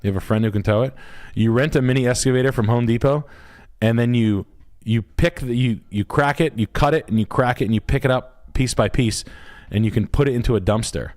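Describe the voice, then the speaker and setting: A realtor hosting a live stream, this man talks at a mid pitch with nothing unusual in tone. He explains practical jobs quickly and swears freely. It is casual chat from start to finish. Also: a little mellow. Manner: profane, rapid how-to explaining.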